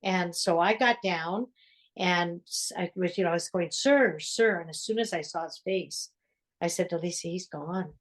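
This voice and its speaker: Older nun telling her story, earnest, pauses to think, lowish voice. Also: fairly even intonation. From United States. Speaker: religious sister. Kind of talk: storytelling in an interview.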